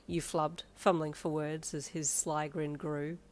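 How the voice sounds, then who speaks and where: Woman narrator, audio fanfiction, second-person storytelling, slightly low voice. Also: flat delivery, a little slow, few pauses.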